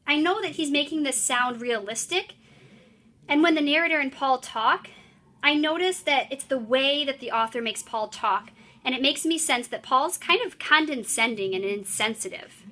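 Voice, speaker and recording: A woman in her thirties teaching a writing lesson to a class, clear and encouraging as she explains. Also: high-pitched, pushed and bright.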